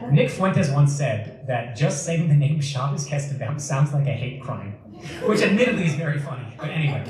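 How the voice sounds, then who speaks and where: A young man on the high side, with lively intonation and a moderate pace, tells a joking, casual story with many fillers at a community event in a community center hall. A crowd is audible in the background, and the recording is echoey with a far-off mic and faint noise.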